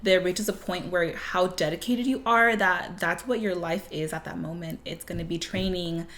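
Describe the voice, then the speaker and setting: A woman's voice: fairly low pitch, moderate pace, a bit bright. A young woman co-hosting a podcast in casual chat, speaking in a reflective, thoughtful way. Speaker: podcast co-host.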